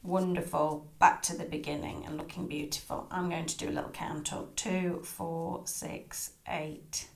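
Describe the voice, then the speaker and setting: A woman teaching crochet step by step, chatty and soft, often murmuring her stitch counts. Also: low-pitched, flat delivery, a little fast, hardly any pauses. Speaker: crochet tutor. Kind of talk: step-by-step craft tutorial. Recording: echoey room.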